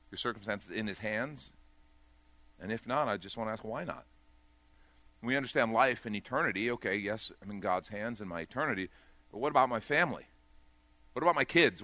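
A man preaching a sermon in a church service, rising to loud emphatic peaks and falling to quiet, pressing the congregation with direct questions. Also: medium pitch, no echo. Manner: swells loud then drops to a hush, direct questions to the congregation. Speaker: pastor.

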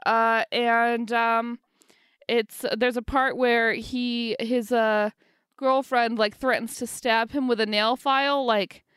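A young woman co-hosting a casual comedy podcast. She teases the others sarcastically and laughs often. Her fairly high, smooth voice sounds dry and close to the mic. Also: little pitch movement, slow pace, fairly bright tone, no room sound. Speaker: podcast co-host.

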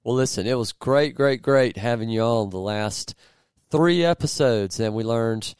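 A man hosting a podcast, chatting in a relaxed, upbeat way with some restarts. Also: mid-range voice, moderate pace, clean tone, no echo, clean studio sound. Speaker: podcast host. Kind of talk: casual podcast chat.

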